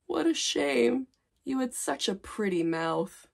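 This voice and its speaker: A woman's voice: high voice, big pitch swings, slow pace, vocal fry, breathy edge, voice pushed up, exaggerated voice. A woman reading the lines of a smug, taunting teenage boy bully in her own voice.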